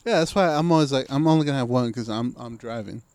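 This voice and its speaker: A laid-back man co-hosting a casual podcast chat, wry and swearing freely. His voice is smooth and resonant at an ordinary pitch. The sound is dry and close, with no echo. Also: fast talker, darkish tone. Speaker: podcast co-host.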